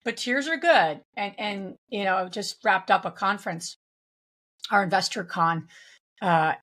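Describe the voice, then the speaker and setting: Woman interview guest, medium pitch, thoughtful, halting delivery. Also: fairly bright tone. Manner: reflective, many restarts and fillers. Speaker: guest, real estate investor. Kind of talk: conversational interview.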